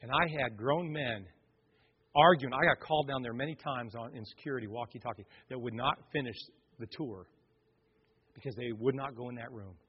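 A male pastor preaching a sermon with husky, dramatic storytelling that swings between loud bursts and hushed passages. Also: mid-range voice, normal speed. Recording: echoey hall, dull lo-fi sound.

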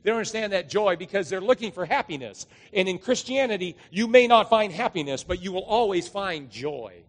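A man's voice: high-pitched, animated, brisk, in a large hall. A man, a pastor giving a conversational, storytelling sermon to his congregation. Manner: conversational, storytelling, emphatic rises. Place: church.

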